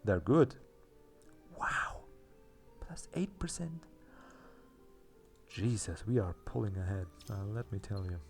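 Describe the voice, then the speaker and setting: A man's voice: lowish voice, sing-song, slow pace, long pauses, soft background music. A man hosting a let's play, chatting casually and thinking aloud as he plays, with a self-mocking manner. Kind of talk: casual gameplay commentary.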